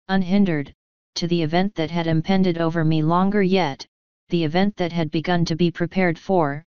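Smooth-voiced woman reading an audiobook. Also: lowish voice, a little mellow, no echo. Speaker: audiobook narrator. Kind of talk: scripted narration. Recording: dull lo-fi dry recording.

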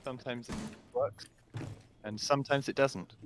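A man's voice: mid-range voice, steady tone, moderate pace. A man chatting casually over a game in an exaggerated put-on French accent, jokey and swearing. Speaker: gaming stream guest. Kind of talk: casual gaming chat.

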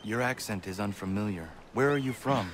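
An actor playing a calm, earnest young male assassin in a video game, speaking in a measured, serious way. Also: fairly low pitch, slight background noise, close to an everyday voice.

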